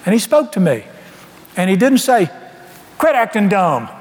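A man preaching in a church, telling his story in a folksy way and acting out every exchange. His voice sits high and swings widely in pitch. The sound rings with the long reverb of a church hall. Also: moderate pace. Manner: folksy, animated storytelling, acts out dialogue. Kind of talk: storytelling sermon.

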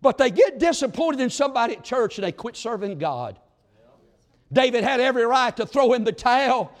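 A man preaching a revival sermon in a fervent, folksy style. His delivery swings between loud exclamations and low, drawn-out asides. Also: big pitch swings. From southern United States. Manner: folksy, plain-spoken country talk.

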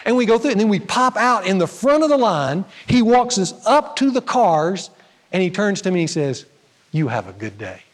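A pastor preaching a sermon, telling a personal story with humor and lively swings between loud and soft. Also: male voice, moderate pace, in a large hall. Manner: storytelling with humor, animated swings in pitch and loudness.

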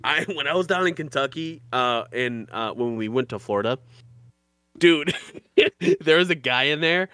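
A man's voice: a little high, expressive, normal speed, bright, forceful tone, smooth, no echo. A young man with a Michigan accent co-hosting a podcast in casual chat, rambling through stories and laughing often. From Michigan, USA. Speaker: podcast co-host.

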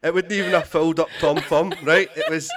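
Animated Scottish man telling stories. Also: on the high side, brisk. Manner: animated storytelling, laughing, swearing, repeated restarts. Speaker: stand-up comedian, podcast guest. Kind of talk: casual podcast chat.

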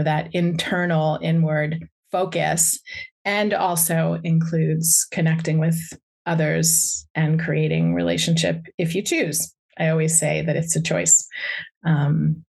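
A woman psychotherapist giving a talk, speaking in a reflective, gentle way with pauses and fillers. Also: low-pitched, creaky, breathy edge. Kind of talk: talk to a live audience.

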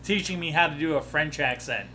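A man's voice: fairly high pitch, brisk, sharp tone. A man who ran the campaign as game master, chatting casually on a podcast, often breaking off mid-sentence and swearing offhandedly. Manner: rambling, self-interrupting, swears casually. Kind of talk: casual chat.

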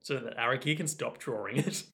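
A man co-hosting a podcast, narrating a story recap in a wry, deadpan casual manner. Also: mid-range voice, a little fast. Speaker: podcast co-host.

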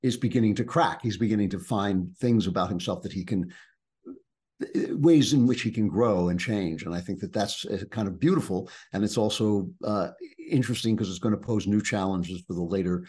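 A middle-aged man with a fairly low, husky voice talks through his work in a relaxed conversational way. He tells stories and restarts phrases as he thinks aloud. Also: normal speed. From United States, Long Island. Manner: reflective, anecdotal, with repeated restarts. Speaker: author guest. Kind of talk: conversational book talk.

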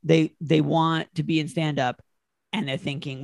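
A woman co-hosting a casual chat, joking and animated, leaning on fillers. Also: low voice, moderate pace, gravelly, no echo, studio quality.

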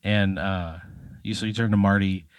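A man's voice: low-pitched, steady tone, moderate pace, clean tone, dry recording. A man narrating as game master in a comedy tabletop game, loose and chatty with many fillers.

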